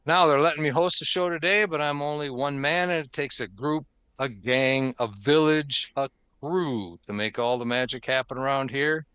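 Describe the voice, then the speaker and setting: Bright, crisp-voiced male podcast host. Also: medium pitch, normal speed, dry recording. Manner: upbeat, chatty, laughs often. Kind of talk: casual podcast chat and show intro.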